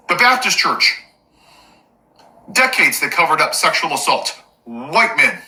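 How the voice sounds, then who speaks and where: Male political commentator, angry rant, sarcastic asides, very bright tense tone, swooping animated pitch. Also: measured pace, long pauses, rough recording. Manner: angry, emphatic listing. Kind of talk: impassioned political rant to camera.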